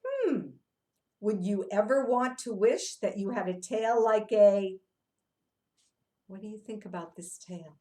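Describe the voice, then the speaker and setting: A woman's voice: medium pitch, lively intonation, unhurried, pauses often, dark tone. A woman leading young children through an interactive read-aloud, coaxing them with questions and sing-song chants. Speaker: children's movement teacher.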